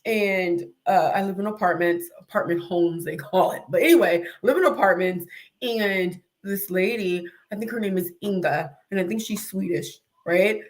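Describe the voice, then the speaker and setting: A woman's voice: medium pitch, moderate pace. A woman hosting an interview, telling a funny story with lots of laughter and acted-out screams. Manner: lively storyteller, laughs often, acts out her own screams. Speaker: host. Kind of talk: casual interview chat, animated storytelling.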